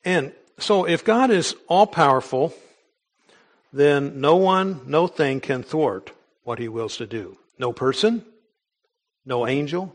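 A man preaching a sermon in an earnest, emphatic way, with small restarts as he goes. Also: medium pitch. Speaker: pastor.

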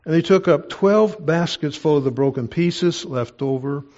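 A man preaching an expository Bible sermon, earnestly explaining the text and reading scripture aloud slowly. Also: on the high side, a little mellow, muffled recording.

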